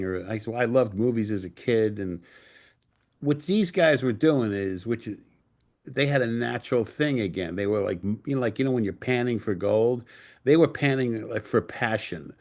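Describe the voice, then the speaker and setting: Low-voiced profane storyteller man. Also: darkish tone. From Port Chester, New York. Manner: salty, profane anecdotes acting out others' lines. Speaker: guest filmmaker. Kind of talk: casual storytelling interview.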